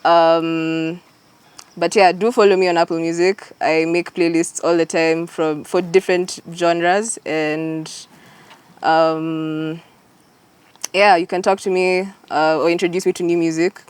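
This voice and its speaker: A woman's voice: lowish voice, little pitch movement, a little slow, smooth. A woman with a Kenyan accent, a music journalist co-hosting a casual chat about songs, talking chattily with lots of ums and likes.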